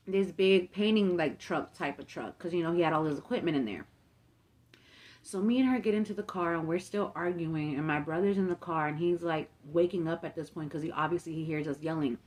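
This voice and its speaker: A young woman vlogger telling a long story in a casual, chatty way, swearing freely and peppering it with fillers. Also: fairly low pitch. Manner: chatty, profane, filler-heavy retelling.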